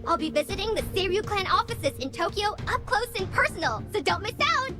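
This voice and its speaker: A woman's voice: extremely high pitch, animated, fairly quick. A woman voicing a hyper, upbeat young VTuber streamer in a video game, with music playing behind her. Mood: hyped. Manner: peppy, exaggerated streamer hype.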